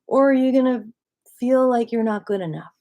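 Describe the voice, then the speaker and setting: Animated woman teaching qigong. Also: on the high side, moderate pace. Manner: animated, rhetorical questions, acts out other people's voices. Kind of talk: casual spoken lesson.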